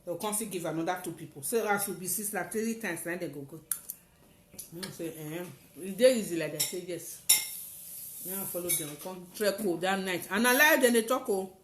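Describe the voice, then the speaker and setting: A woman's voice: lowish voice, brisk. Nigerian pidgin woman telling her story big and dramatic, roomy echo, bit of noise behind. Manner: dramatic storytelling, acting out shouts. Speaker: testifier. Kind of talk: personal story.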